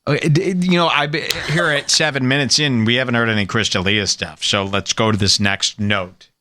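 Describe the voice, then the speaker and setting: A man hosting a show, giving mocking, animated commentary while he plays back a podcast. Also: medium pitch, brisk. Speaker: host reacting to a podcast clip. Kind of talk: casual commentary over playback.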